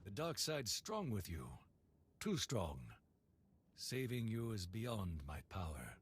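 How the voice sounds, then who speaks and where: An actor playing a calm Jedi master who addresses his students in a measured way. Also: on the low side, a little hiss or hum. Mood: solemn. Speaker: game character.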